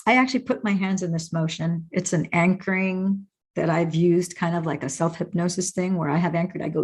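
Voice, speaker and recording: A woman hosting a show and answering viewer questions, enthusiastic and animated, often breaking into excited exclamations. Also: on the low side, normal speed. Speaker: host.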